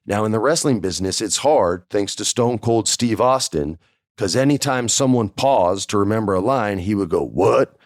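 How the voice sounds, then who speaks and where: Chatting on his podcast, a man recounts a personal story, performing the dialogue as he goes. He speaks at normal speed in a lowish voice, with clean studio sound and no echo.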